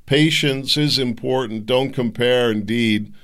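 A man's voice: medium pitch, unhurried, fairly bright tone. A middle-aged man hosting a solo opinion talk show, rambling and digressive, with frequent fillers and restarts. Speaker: podcast host.

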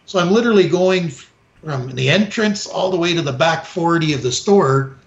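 A man's voice: on the high side, normal speed. A man co-hosting a podcast, telling a story in a profane, ranting way. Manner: profane, ranting storyteller who acts out quoted people. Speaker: podcast co-host. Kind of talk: casual chat. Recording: echoey, dull lo-fi room sound.

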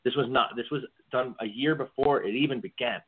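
Podcast co-host, male, mid-pitched, rambling casual talker, narrow tinny audio. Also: a little fast. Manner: rambling, repeats words when starting sentences. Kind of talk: casual political chat.

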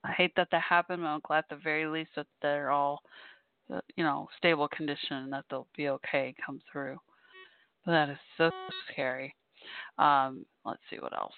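A woman's voice: sits low, steady tone, moderate pace. A woman hosting a live call-in podcast, chatting casually and wandering between topics, tired and yawning. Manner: chatty, meandering, tired with yawns. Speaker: podcast host. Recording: thin phone-like dry sound.

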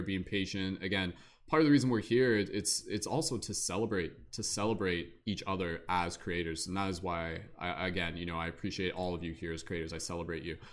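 A man hosts a live online panel at a rapid clip, his voice sitting on the low side. He rambles casually and enthusiastically, tossing in "like" and restarting his sentences. He is heard over a video call.

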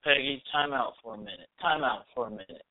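A man's voice: mid-range voice, fast, dry recording. A man hosting a call-in talk show, breaking in with short questions. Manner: brief interjections, questioning. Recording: tinny dry phone-quality audio.

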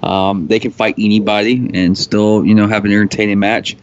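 A man co-hosting a casual wrestling talk show, halting often with ums and restarts. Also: lowish voice, flat delivery, lo-fi sound, slight background noise. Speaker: podcast co-host.

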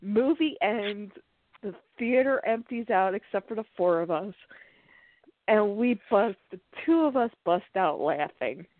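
A woman's voice: mid-range voice, measured pace, slight background noise. A woman host telling a funny personal story in a casual way, often laughing as she talks. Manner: animated, laughs through her story. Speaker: podcast host. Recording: tinny phone-like line, dry.

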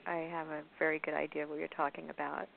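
A woman calling in to a poetry radio show, speaking softly, slowly and deliberately. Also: sits low, level tone, gravelly. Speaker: caller and poet. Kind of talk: phone-in conversation. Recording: tinny phone line with faint hiss.

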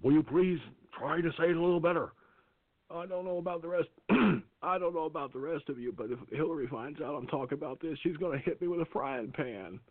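A man doing a drawling, hoarse impression of a sly, henpecked male ex-president over a phone line. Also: fairly high pitch, fairly quick, no room sound, close to an everyday voice.

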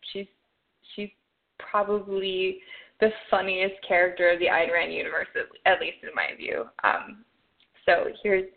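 A woman giving a casual, halting book review, full of fillers and restarts, sounding low on energy. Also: gravelly. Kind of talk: casual spoken review with a read excerpt. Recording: tinny phone-like audio.

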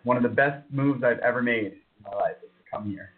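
A man's voice: mid-range voice, fairly quick. Man talking over a tinny computer line. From New York City. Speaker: guest, wellness practitioner. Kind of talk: casual interview talk. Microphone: computer mic. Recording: phone-like computer call.

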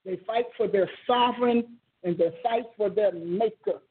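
This preacher and teacher, a woman with a mid-range voice at normal speed, gives a sermon full of passion, restating lines in new words and erupting into exclamations. The sound quality is thin and phone-like.

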